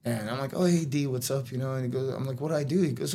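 A man's voice: mid-range voice, rapid-fire, mellow. A middle-aged man telling a long story in casual chat, rambling with many "like"s and restarts, with a cough now and then. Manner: rambling, lots of "like" and "you know", restarts.

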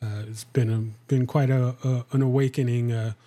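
Flat, mellow man, halting speech. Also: mid-range voice. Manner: hesitant, many fillers. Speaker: interviewer. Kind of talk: casual chat.

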